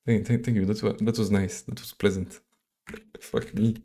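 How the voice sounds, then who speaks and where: A man from Belgium with a French accent, live-coding on a stream and thinking aloud in a halting, mumbling way full of fillers and restarts. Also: on the low side, little pitch movement, warm tone.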